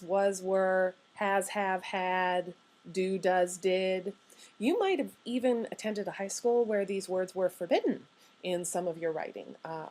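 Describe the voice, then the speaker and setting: A woman teaching a recorded grammar lecture, explaining clearly and adding playful emphasis to her example sentences. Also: mid-range voice, darkish tone. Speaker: grammar instructor.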